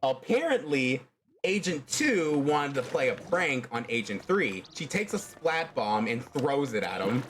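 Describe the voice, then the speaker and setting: Rambling man with animated pitch. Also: a little slow, a little hiss or hum. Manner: rambling, many "like" fillers. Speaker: streamer telling a fan story. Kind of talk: casual storytelling.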